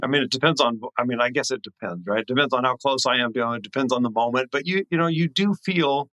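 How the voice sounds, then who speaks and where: A man's voice: medium pitch, fast talker, pushed and bright, no room sound, low-quality recording. A middle-aged man who is a guest on a podcast, talking in an earnest, reflective way with many "you know"s. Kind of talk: casual chat.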